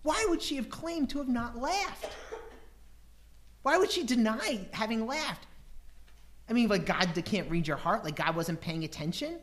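A man preaches a sermon in an animated way, leaning into rhetorical questions. He acts out voices and bursts of laughter to make his points. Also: extremely high pitch, a little slow. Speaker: preacher teaching scripture.

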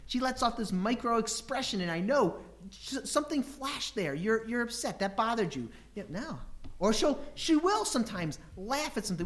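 Speaking at a normal pace in a high voice, a man teaches scripture through a lively sermon. He leans on rhetorical questions and performs character voices and sudden laughter to illustrate what he means.

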